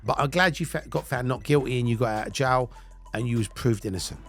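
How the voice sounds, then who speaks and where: A man's voice: medium pitch, fast talker, a bit bright, faint music behind. An English man in his fifties telling blunt, swear-filled stories about his own past and breaking into laughter as he goes. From England. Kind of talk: casual anecdotal storytelling.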